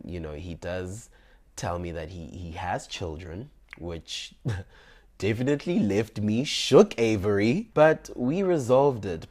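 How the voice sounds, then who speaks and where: A young man, telling a personal story in an animated, dramatic way and acting out his own dialogue. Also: medium pitch. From South Africa.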